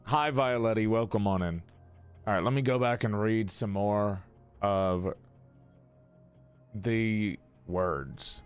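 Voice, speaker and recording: Speaking slowly with long pauses, this male streamer has a lowish, clear, resonant voice. He plays games and chats casually on his live stream, cursing freely, laughing a lot, and correcting himself mid-thought over faint game music.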